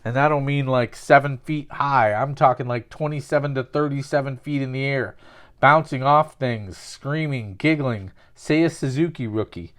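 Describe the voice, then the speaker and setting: A man's voice: medium pitch, normal speed, fairly bright tone. A man with a mid-range voice chatting his way through an opening. He rambles, jokes and pokes fun at himself as he goes. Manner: rambling, jokey, self-mocking. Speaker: sports card collector opening packs. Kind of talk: casual pack-opening commentary with absurd storytelling.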